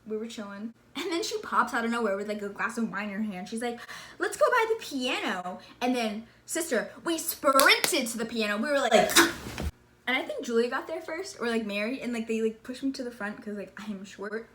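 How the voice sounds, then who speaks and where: A woman telling a story in a casual vlog, excitable and gushing, filling her talk with "like" and calling her listener "sister.". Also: fairly high pitch, a little fast. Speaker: vlogger.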